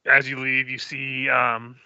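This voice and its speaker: Bright-voiced man running a tabletop game. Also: medium pitch, flat delivery, measured pace, dry recording, lo-fi sound. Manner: casual, hesitant with many ums. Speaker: game master.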